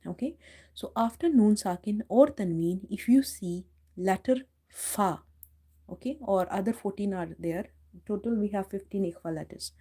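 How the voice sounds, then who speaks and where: A woman's voice: mid-range voice, normal speed, warm tone. A woman teaching Quran recitation in a live lesson, patiently spelling out letters and repeating words, in English with small slips. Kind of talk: tajweed lesson, live stream.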